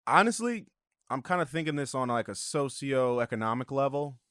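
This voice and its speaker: A man's voice: mid-range voice, very animated, moderate pace, a bit bright, smooth, no room sound, studio quality. A man hosting a podcast in casual chat, thinking aloud with hesitant restarts. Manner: rambling, hesitant, restarts often. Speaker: podcast host.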